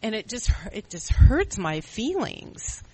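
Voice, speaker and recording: Earnest, halting middle-aged panel speaker. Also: medium pitch, very animated, dark tone, slightly rough, rough recording. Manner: earnest and reflective, halting with restarts. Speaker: panel speaker at a recovery meeting. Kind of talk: personal recovery testimony.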